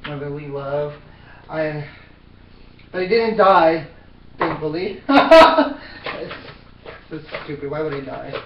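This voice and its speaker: A young man cooking in his apartment kitchen chats casually for his vlog, mocking himself, swearing and yelping. His fairly high, gravelly voice is animated yet slow, with frequent pauses. The built-in camera mic gives a roomy, dull lo-fi sound with a little hiss or hum.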